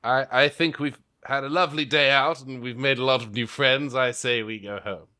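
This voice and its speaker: A man's voice: medium pitch, fairly even intonation, normal speed, pushed and bright, lightly acted. A man voicing a pompous, cautious male professor in a tabletop game, speaking in a grand put-on accent. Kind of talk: tabletop role-play over a remote call.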